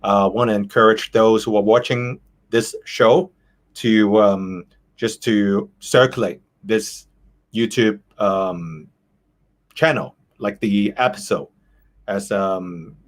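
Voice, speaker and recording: A Canadian man hosting a casual video call chat, speaking hesitantly with frequent pauses. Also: fairly low pitch, fairly even intonation. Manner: hesitant, many ums and restarts. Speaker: host.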